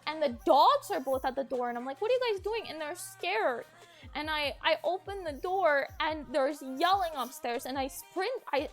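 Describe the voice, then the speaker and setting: High-voiced young woman telling a story. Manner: rambling, full of "like" and swearing. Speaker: streamer. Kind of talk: casual storytelling to stream chat.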